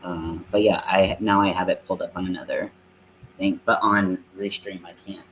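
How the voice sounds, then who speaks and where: A man's voice: low voice, little pitch movement, moderate pace, fairly bright tone, a little hiss or hum, rough recording. A man with a Southern American accent, chatting casually and rambling with lots of fillers while he crochets on a live stream. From Southern United States. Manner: rambling, filler-heavy, self-deprecating.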